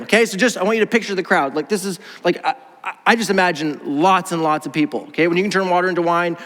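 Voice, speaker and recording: Lively male pastor, bright forward tone, preaching playfully, long reverb from the church hall. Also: high-pitched. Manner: animated, playful, acts out voices. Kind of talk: sermon. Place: church auditorium.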